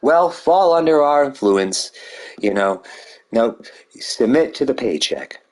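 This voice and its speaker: A man putting on a mocking, sinister recruiter's sales pitch in a raised voice. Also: expressive, slow pace. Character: mock sinister male recruiter, smooth tempting.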